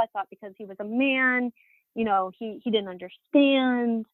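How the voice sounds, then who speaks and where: A woman's voice: a little high, brisk, dry recording. A woman in her thirties telling her personal story as an interview guest, candid, with many fillers and restarts. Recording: dry, phone-like audio.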